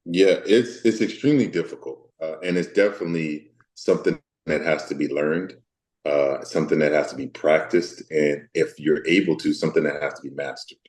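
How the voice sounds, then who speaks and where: Man, from the Deep South, very deep voice, echoey room, interview guest, halting, lots of fillers. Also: steady tone, darkish tone. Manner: thoughtful, halting, many fillers. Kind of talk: candid interview conversation.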